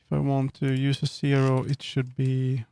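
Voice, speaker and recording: A man's voice: mid-range voice, completely flat delivery, normal speed, vocal fry, warm tone, clean tone. A man chatting casually on a live stream, thinking aloud and correcting himself as he works. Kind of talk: casual live-stream chat while working.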